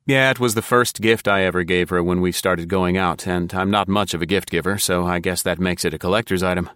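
A man's voice: deep voice, steady tone, fairly quick, a bit bright, clear, resonant tone, no echo, clean studio sound. A man voicing a nervous suburban man caught near his neighbor's car at dawn, who talks hastily and too much. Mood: flustered. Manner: hasty, nervous, overly chatty.

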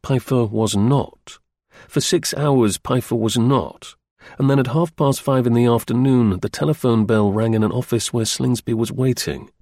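A man with a medium-pitched voice narrates an audiobook in a measured, even storytelling manner. The recording is dry and studio quality.

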